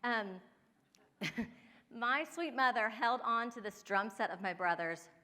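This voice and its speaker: A woman in her forties from Ohio gives a workshop talk, chatting and laughing as she speaks straight to the room. Her voice sits fairly high and sounds sharp and bright. A long reverb trails behind every sentence. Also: measured pace. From Ohio, USA. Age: 40s. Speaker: downsizing and home organizing expert. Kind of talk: workshop talk with personal stories.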